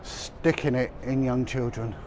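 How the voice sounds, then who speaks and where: A man's voice: medium pitch, steady tone, a little slow, darkish tone. A middle-aged man, chatting and rambling as he walks through busy city streets for a livestream, with lots of restarts and fillers. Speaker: vlogger. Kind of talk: walking livestream commentary. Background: passers-by and street noise.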